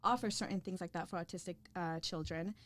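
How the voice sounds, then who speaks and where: A woman's voice: fairly low pitch, quick pace. A woman co-hosting a casual podcast chat, talking earnestly in long run-on explanations. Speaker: podcast co-host and real estate agent.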